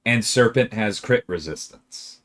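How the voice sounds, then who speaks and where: A man's voice: on the low side, unhurried. A man streaming a game and answering viewer questions in casual chat, emphatic and exasperated at times. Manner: animated, emphatic, exasperated rants with laughter; reads viewer questions aloud and answers them.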